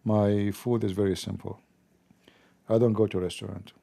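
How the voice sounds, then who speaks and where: A man's voice: fairly low pitch, little pitch movement, normal speed, creaky, dark tone. A man hosting a live stream, chatting casually, joking and laughing often, with loose non-native grammar.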